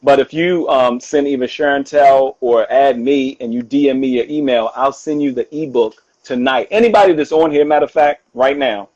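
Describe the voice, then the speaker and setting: A man talking casually on a live stream as a guest author, animated and quick to laugh, often repeating himself. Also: medium pitch, dull audio. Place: home. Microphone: phone or video call.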